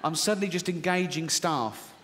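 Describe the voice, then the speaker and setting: A man's voice: on the high side, normal speed, a bit bright, a little hiss or hum. A middle-aged man performing a stand-up comedy routine on a large theatre stage, telling a story and acting out his own inner voices. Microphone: stage microphone. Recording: live theatre with long reverb.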